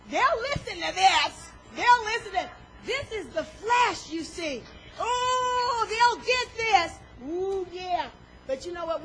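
A woman preaching a sermon, animated, acting out inner voices and swinging between loud and soft. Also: extremely high pitch, a little hiss or hum, low-quality recording.

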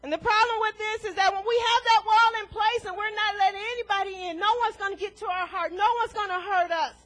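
A woman's voice: extremely high pitch, fairly even intonation, quick pace, fairly bright tone. A woman preaching a sermon to a congregation in a church, emphatic and full of rhetorical questions, chuckling between points.

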